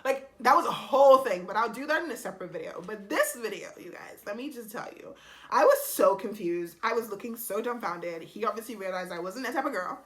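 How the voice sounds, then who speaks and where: Bright-voiced young woman telling a story. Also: fairly high pitch, brisk. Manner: animated, exasperated and blunt, with frequent swearing and laughter. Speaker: vlogger. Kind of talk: casual storytime monologue.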